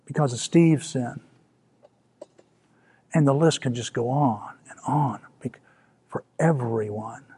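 Husky-voiced man preaching a sermon. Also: medium pitch, slow pace, pauses often. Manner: preaching with soft drops and rising emphasis, some restarts. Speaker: pastor.

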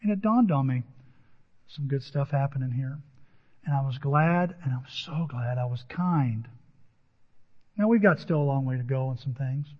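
Pastor telling a story in a reverberant hall. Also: male voice, mid-range voice, expressive, normal speed, long pauses. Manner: personal anecdotes with quoted dialogue, earnest. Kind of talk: sermon storytelling. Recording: dull audio with long hall reverb.

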